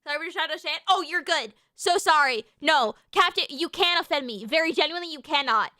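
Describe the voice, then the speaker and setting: A young woman streaming and chatting casually, loud and passionate, quick to get heated, on a close desk mic. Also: sits high, lively intonation, no room sound. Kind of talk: casual live-stream chat.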